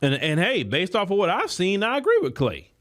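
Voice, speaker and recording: Male podcast host, high and very animated, preachy commentary aimed right at the audience. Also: brisk. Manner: preachy, emphatic, addresses listeners directly; colloquial, many repeated words. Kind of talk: political commentary monologue.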